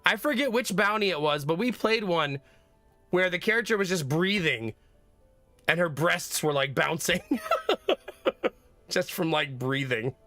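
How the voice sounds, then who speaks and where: A man's voice: fairly high pitch, animated, a little slow, long pauses, pushed and bright, faint music behind. A man streaming a visual novel, chatting casually with his viewers and joking often. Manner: joking, chatty, frequent laughter. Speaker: streamer, father. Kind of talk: casual gameplay commentary.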